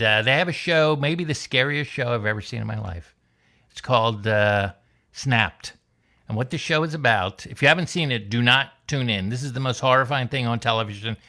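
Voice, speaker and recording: A man doing a wry, deadpan stand-up comedy set alone in his room, telling stories and singing silly songs. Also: medium pitch. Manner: wry, deadpan storytelling with sung bits. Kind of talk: stand-up set over video call.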